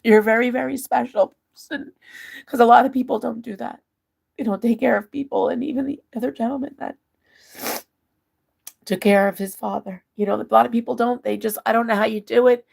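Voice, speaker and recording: A middle-aged woman hosts a casual livestream and reads viewer comments aloud, answering them one by one. She laughs and cries at the same time as she talks. Her voice is a little high, with a gravelly, creaky edge. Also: fairly even intonation, brisk, darkish tone. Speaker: livestream host reading chat. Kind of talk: casual emotional livestream chat.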